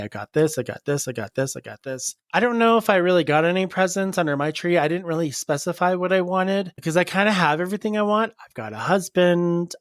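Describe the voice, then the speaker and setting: A podcast co-host speaks in a sincere, casual way, running through lists and leaning on fillers. The voice sits at an ordinary middle pitch, recorded close and dry. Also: no room sound. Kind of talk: casual heartfelt chat.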